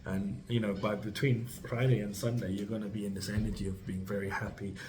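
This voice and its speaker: A man's voice: on the low side, little pitch movement, brisk, low-quality recording. A man giving a tarot reading to camera, rambling and reassuring, speaking straight to the listener with many fillers and restarts. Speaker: tarot reader.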